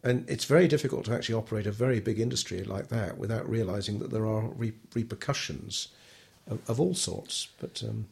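A man's voice: lowish voice, brisk, gravelly, a little mellow, husky. An older man telling his story in an interview, talking hesitantly with many ums and restarts. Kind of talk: relaxed oral history interview.

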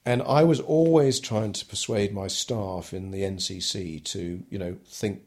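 A man's voice: on the low side, a little slow, darkish tone. An older man telling his story in an interview, talking hesitantly with many ums and restarts. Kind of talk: relaxed oral history interview.

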